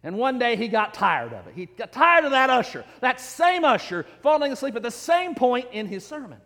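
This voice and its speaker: A man's voice: very high voice, sing-song, moderate pace, vocal fry, sharp tone, in a large hall. A man preaching a sermon, telling jokes and stories with an emphatic, repetitive cadence. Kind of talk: sermon with humorous storytelling.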